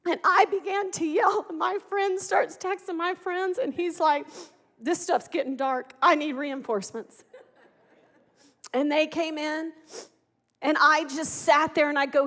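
A woman's voice: sits high, fairly even intonation, unhurried, a bit bright. A middle-aged woman giving an earnest, impassioned sermon testimony. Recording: echoey hall.

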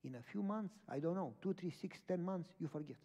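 A man's voice: high-pitched, lively intonation, fairly quick, dark tone, muffled recording. A man preaching a sermon, telling a story with emphatic repeated phrases. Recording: long hall reverb.

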